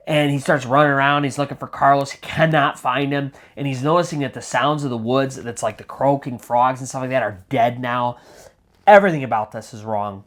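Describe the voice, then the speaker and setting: A man's voice: medium pitch, a little fast, a bit bright. Guy retelling a creepy story, chatty, dramatic, says like a lot. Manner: chatty, dramatic, lots of "like" fillers. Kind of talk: casual spoken storytelling.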